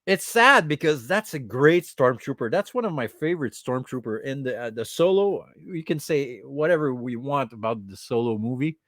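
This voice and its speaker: A man's voice: mid-range voice, animated, normal speed, hardly any pauses, a bit bright, dry recording, clean studio sound. A man hosting a podcast, chatting casually about a toy collection, teasing the figures and giggling between remarks, now and then slipping into French. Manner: switches into French at times. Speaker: podcast host.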